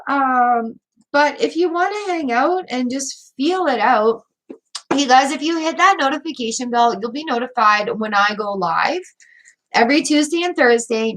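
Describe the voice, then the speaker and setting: A woman's voice: on the high side, lively intonation, measured pace, fairly bright tone. Gushing, teary woman tarot reader. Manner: gushing, emotional, talks straight to viewers. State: teary, weepy. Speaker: tarot reader hosting a livestream. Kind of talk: live tarot reading chat.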